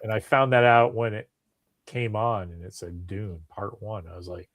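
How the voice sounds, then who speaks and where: A podcast host, a man with a lowish voice, chats casually at a normal speed with no echo. He tells stories with animation and acts out what people said.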